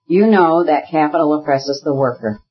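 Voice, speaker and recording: A husky-voiced reader voicing a bitter, ailing radical brother who argues heatedly, in an audiobook. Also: mid-range voice, normal speed, lo-fi sound, lightly acted. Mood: agitated. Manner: heated, argumentative, bursts into shouting.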